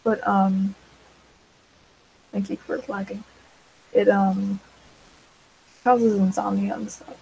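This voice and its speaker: A woman's voice: medium pitch, flat delivery, slow, gravelly, pauses often, dark tone, slightly rough, poor audio. A teenage girl chatting casually while she draws, rambling with many fillers and side tracks. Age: teens. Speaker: vlogger.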